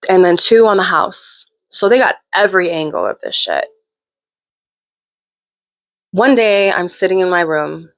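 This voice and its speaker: A woman's voice: fairly low pitch, lively intonation, unhurried, pauses often, fairly bright tone. A woman hosting her own show, telling a personal story in a candid, chatty way with plenty of swearing. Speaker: host. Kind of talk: casual storytelling.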